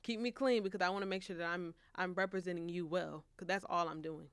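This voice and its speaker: A woman's voice: lowish voice, steady tone, quick pace, clean tone, no room sound. A woman of twenty-one, a college senior and author, speaking earnestly and reflectively in a casual interview. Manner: earnest, reflective, with frequent restarts and laughs. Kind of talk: casual faith-centered interview.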